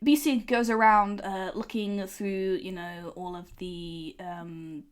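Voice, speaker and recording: A woman's voice: mid-range voice, steady tone, slow pace. A woman narrating as game master of a tabletop game, hesitant and full of filler words. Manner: hesitant, many ums and uhs.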